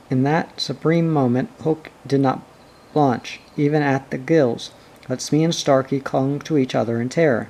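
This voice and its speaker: A man reading a storybook aloud as narrator, measured and expressive. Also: mid-range voice.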